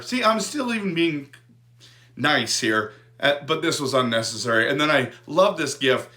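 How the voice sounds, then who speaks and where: A man's voice: medium pitch, normal speed. Fired-up man ranting as a fan. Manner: animated, repetitive, restarts words. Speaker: fan channel host. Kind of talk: fired-up fan rant to camera.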